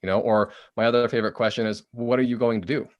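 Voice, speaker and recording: A man's voice: mid-range voice, fast talker, no echo, lo-fi sound. A man, a book author, explaining as a podcast guest in an easy conversational way, often acting out short quoted phrases. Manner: animated, acts out quoted phrases.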